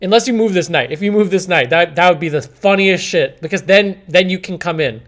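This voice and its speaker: A young man commentating chess on a live stream, exasperated, swinging between shouts and mumbling. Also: high-pitched, brisk, slight background noise.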